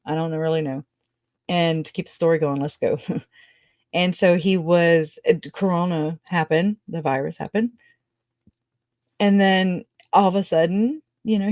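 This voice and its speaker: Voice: medium pitch, a little mellow, dry recording, clean studio sound. A true crime channel host giving casual livestream commentary, rambling through tangents and laughing often.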